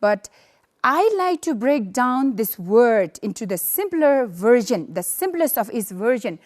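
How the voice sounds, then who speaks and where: Female teacher from Bhutan, high pitch, patient lesson delivery with repeated fillers. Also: big pitch swings, a little mellow. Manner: explains slowly with many fillers and repetitions. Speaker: economics teacher. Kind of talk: recorded classroom lesson.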